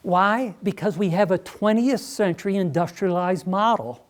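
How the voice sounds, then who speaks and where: A man speaking to a school district meeting, emphatic and persuasive, with quick asides to the audience. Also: high voice. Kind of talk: live presentation. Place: meeting room.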